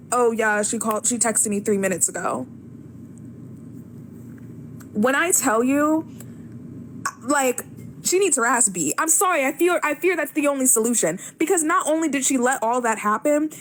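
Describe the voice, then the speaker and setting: A woman's voice: sits high, moderate pace, slight background noise. A woman telling a story to camera in a casual, blunt and profane way, checking in with the listener as she goes. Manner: blunt, animated, profane, asks "right?" often.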